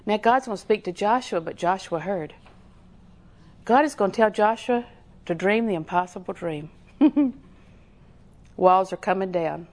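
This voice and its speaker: A woman's voice: mid-range voice, unhurried, pauses often, a little mellow. A middle-aged woman, preaching a sermon in a folksy, storytelling way with lots of repetition.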